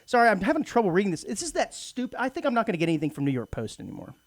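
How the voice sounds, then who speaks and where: A man from Texas co-hosts a community radio talk show, joking and rambling through casual banter. His voice sits a little high for a man and swings widely in pitch. The studio sound is dry and close. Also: huge pitch swings, very fast, dry recording.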